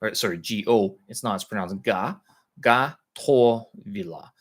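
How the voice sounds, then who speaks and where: A man's voice: on the low side, fairly even intonation, a little fast, husky. A middle-aged English-speaking man hosting a casual live language-practice stream, thinking aloud with many fillers and restarts as he tries Russian words. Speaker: vlog host practicing Russian.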